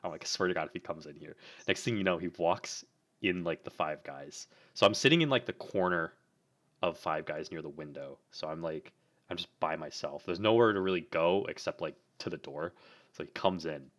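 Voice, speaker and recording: A young man with a very deep voice tells a rambling story as a co-host. He says "like" over and over and swears casually. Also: moderate pace, a bit bright.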